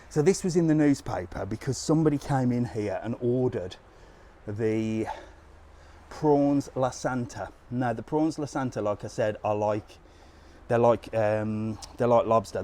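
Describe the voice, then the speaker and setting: A slightly mellow, mid-range male voice comes through with a bit of background noise. Walking outdoors by the sea, he livestreams as a travel vlogger, holding his phone and talking in a blunt, easygoing way.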